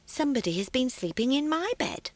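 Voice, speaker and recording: A woman voicing a quiet, gentle mother bear from a children's storybook, in a higher, softer voice. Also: big pitch swings, fairly quick, heavily acted. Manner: soft and gentle.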